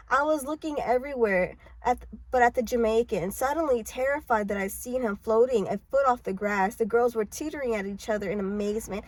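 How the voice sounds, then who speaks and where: A woman's voice: fairly high pitch, brisk, hardly any pauses, no room sound, rough recording. A woman casually reading a novel aloud in a parked car, with stumbling restarts and swearing asides. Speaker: audiobook reader.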